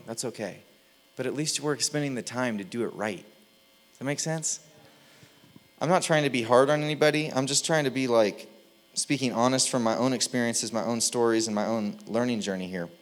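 A male pastor delivering a sermon in an easy, conversational voice. His delivery is animated and keeps the mood light. He slips into playful little impressions now and then. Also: mid-range voice.

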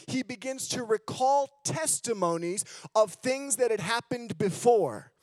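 A man's voice: high voice, expressive, moderate pace, few pauses, dry recording, studio quality. A man from Australia with an American accent, preaching a sermon as a guest preacher and leading prayer, fervent and fond of repeating "just". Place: decorated church hall.

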